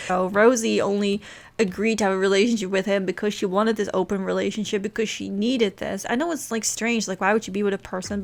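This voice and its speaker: Chatty woman rambling over gameplay. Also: mid-range voice. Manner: rambling, chatty, with frequent laughs and fillers. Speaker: game video host. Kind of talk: casual gameplay commentary.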